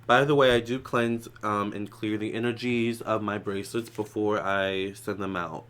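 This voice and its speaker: A man's voice: on the low side, steady tone, moderate pace, few pauses, clear, resonant tone. A man giving a casual psychic tarot reading in a chatty, loose way, with many fillers and restarts. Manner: prays softly. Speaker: tarot reader.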